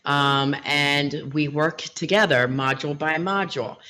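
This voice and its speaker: A middle-aged woman, a relationship coach as guest, telling client stories in a lively, animated way. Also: deep voice, measured pace. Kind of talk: interview storytelling.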